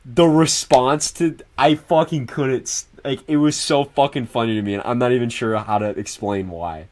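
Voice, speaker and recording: A man's voice: medium pitch, moderate pace. Young man ranting on a livestream. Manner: animated, swears a lot, rambling. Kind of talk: casual livestream chat.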